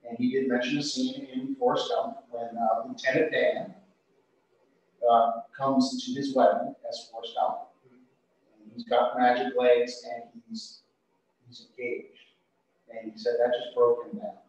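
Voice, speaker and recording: A man leads a yoga class in a relaxed, unhurried way, slipping in fillers as he talks. His voice sits at an ordinary middle pitch. It sounds very echoey and distant, as if picked up from across a studio. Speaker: yoga instructor. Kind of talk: yoga class instruction with trivia.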